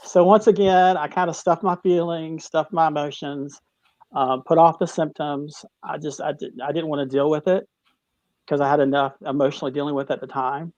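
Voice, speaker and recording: A middle-aged man, a teacher, tells his cancer story in an interview, halting and restarting, choked up at times. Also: fairly high pitch, fairly even intonation, darkish tone, no room sound. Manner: halting, with many restarts, tearful at moments. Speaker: guest, cancer survivor. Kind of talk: emotional personal story in a talk-show interview.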